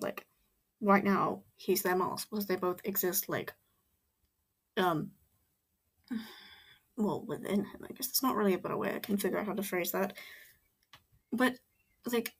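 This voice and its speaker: A woman giving casual reaction commentary, excitable and rambling, full of fillers and exclamations. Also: mid-range voice, gravelly, slightly rough. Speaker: reaction video host.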